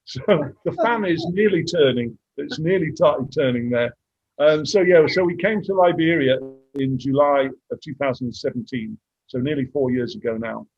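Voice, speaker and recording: A man's voice: medium pitch, moderate pace, slightly rough, no room sound, muffled recording. A man in his sixties, a mission dentist, telling his story candidly and reflectively, sometimes moved. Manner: candid, reflective, getting emotional at times. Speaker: guest speaker, mission dentist. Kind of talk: casual storytelling on a video call.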